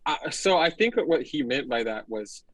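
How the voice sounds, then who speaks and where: A man's voice: mid-range voice, expressive, moderate pace, dry recording, rough recording. Give me a laid-back man musician talking casually, dry and close. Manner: laid-back, easygoing, profane. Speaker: podcast guest, metal musician. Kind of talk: casual chat.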